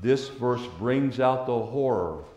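A man preaching a sermon as a pastor, swinging between hushed, tender passages and loud, forceful ones. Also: mid-range voice, animated, slow, echoey room.

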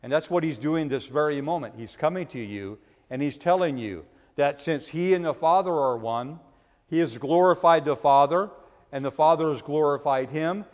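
Middle-aged pastor, gentle question-and-answer children's sermon, a touch high-pitched, church reverb. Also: male voice, normal speed.

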